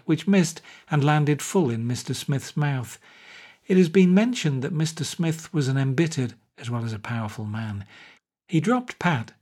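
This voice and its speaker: A man's voice: fairly high pitch, darkish tone. Man narrating a wry short story. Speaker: audiobook narrator. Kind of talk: scripted narration.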